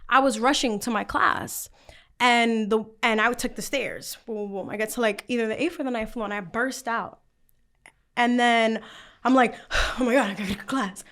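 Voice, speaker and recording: A woman's voice: a little high, normal speed, clear, resonant tone. A young woman from the Bronx with a New York accent, chatting as a podcast guest and telling stories with a lot of animation. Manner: animated storyteller who acts out the voices in her anecdotes. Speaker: podcast guest, content creator. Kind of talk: casual chat.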